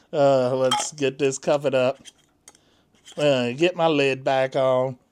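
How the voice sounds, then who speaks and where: Slow, rambling man vlogging. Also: mid-range voice, fairly even intonation, background noise. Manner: rambling with many fillers and restarts. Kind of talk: casual chat to camera.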